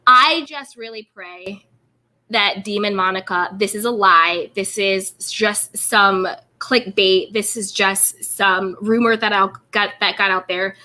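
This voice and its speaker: This interview host speaks slowly in a medium-pitched voice that is bright and forceful. Her style is casual and emphatic, full of repeated words and constant uses of "like."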